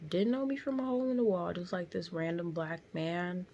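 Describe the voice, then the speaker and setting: Young woman, gravelly low voice, blunt profane storytelling in a car. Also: animated, brisk, mellow, lo-fi sound, a little hiss or hum. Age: young adult. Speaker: vlogger. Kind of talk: casual storytelling.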